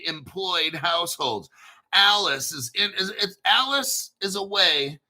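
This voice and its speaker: A man hosting a crypto video in a casual, blunt and profane rant, clearing his throat often. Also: high-pitched, very animated, measured pace, sharp tone. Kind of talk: casual ranting commentary.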